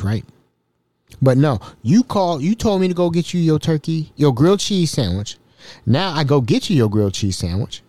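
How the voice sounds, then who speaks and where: Man, podcast host, animated storyteller, mellow voice, dry sound. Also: a little high, dry recording. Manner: animated, repetitive, exasperated retelling. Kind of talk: casual storytelling.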